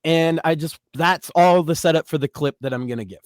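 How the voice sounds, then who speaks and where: Male co-host, fairly high voice, opinionated and ranting, casual show chat. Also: a little fast, no echo, studio quality. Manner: opinionated, ranting, mocking quotes. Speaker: podcast co-host.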